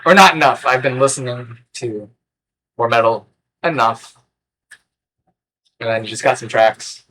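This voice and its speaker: Man, bright forceful voice, rambling vlog chat, sarcastic, erratic bursts, faint background noise. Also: medium pitch, a little slow. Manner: rambling, sarcastic and erratic, with sudden loud outbursts. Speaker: record collector vlogger.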